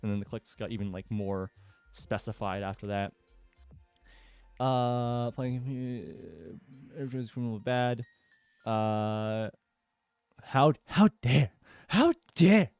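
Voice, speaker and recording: A man's voice: lowish voice, fairly even intonation, moderate pace, a little mellow, smooth, no room sound, faint music behind. A man casually reading forum posts aloud and commenting, with lots of fillers and chuckles. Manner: chatty, with frequent fillers and laughter.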